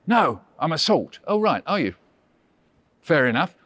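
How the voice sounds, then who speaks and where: A man voicing a patient, brisk female speech therapist who speaks in a matter-of-fact way. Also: low-pitched, sing-song, fairly bright tone, dry recording, exaggerated voice. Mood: instructing.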